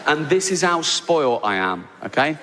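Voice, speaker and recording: A middle-aged man with an English accent doing a stand-up comedy routine, telling a story with sarcastic, incredulous mock outrage and squeaky asides. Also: very animated, normal speed, noisy background. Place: large theatre stage. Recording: live theatre with long reverb and audience.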